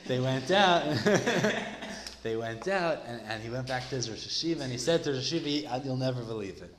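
Casual male storyteller, mid-pitched, echoey room with a faint hiss behind. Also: lively intonation, moderate pace, a bit bright. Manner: conversational, sprinkled with Hebrew and Yiddish terms. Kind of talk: casual retelling of a religious story.

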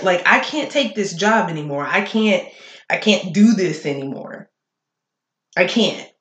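A woman's voice: fairly low pitch, lively intonation, fairly bright tone. A woman hosting a solo podcast, ranting bluntly and with plenty of swearing. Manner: blunt and profane, talking fast and heated. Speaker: podcast host. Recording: echoey room.

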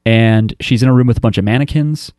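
A man's voice: medium pitch, quick pace, mellow, clear, resonant tone, no echo. A man talks through an episode recap in a loose, wry way, stopping and restarting his sentences as he goes. His voice sits in an ordinary middle register. The sound is dry and close, with no room around it. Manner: rambling, filler-heavy storytelling with frequent restarts. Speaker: podcast host recapping an anime episode. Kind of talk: casual chat.

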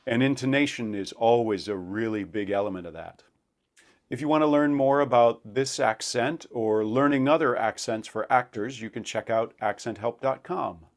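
A man working as a dialect coach for actors, explaining pronunciation and demonstrating sounds as he talks. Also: mid-range voice. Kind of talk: instructional talk to camera.

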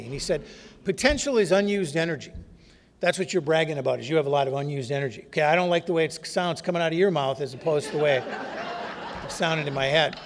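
A man's voice: a little high, quick pace. A man telling his recovery story in a wry, candid, self-mocking way. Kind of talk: humorous personal storytelling talk. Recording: long reverb of a hall.

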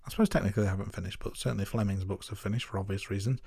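Rapid-fire and steady, the fairly low, gravelly voice of a podcast co-host comes across warm and slightly rough in a dry, clean studio recording. Chatting casually about a film, he laughs at himself, makes self-deprecating jokes and stumbles into restarts.

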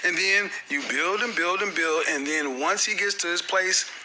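A man's voice: sits high, moderate pace, pushed and bright, poor audio. A middle-aged man hosting a casual panel talk show, speaking emphatically and tossing out joking one-liners. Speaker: podcast host.

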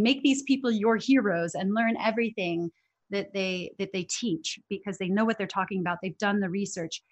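Animated woman interview guest. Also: medium pitch. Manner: animated, emphatic, with frequent restarts. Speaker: interview guest, English teacher trainer. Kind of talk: conversational interview.

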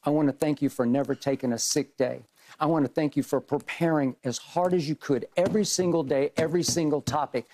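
An older man, a sports debate host, giving an earnest, measured farewell tribute to his co-host, with wry jabs. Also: a little high, a little mellow.

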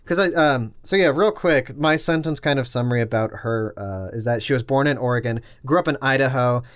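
A man's voice: medium pitch, fairly quick, fairly bright tone, smooth, dry recording, clean studio sound. A man co-hosting a casual podcast chat, talking in a rambling way full of "like" and "uh". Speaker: podcast co-host.

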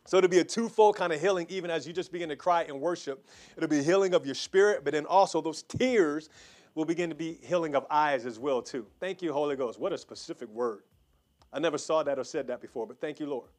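A man with a somewhat high voice prays fervently and exhorts his congregation. He repeats phrases and restarts often. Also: brisk, a little mellow. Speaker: pastor. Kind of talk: prayer and offering appeal.

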